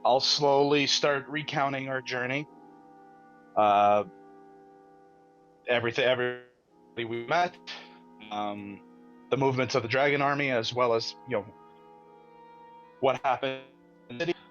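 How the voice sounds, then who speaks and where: A man playing a tabletop game who recounts his character's actions in a hesitant, halting way. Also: mid-range voice, fairly even intonation, a bit bright, soft background music. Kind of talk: casual game table chat. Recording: slightly dull lo-fi sound.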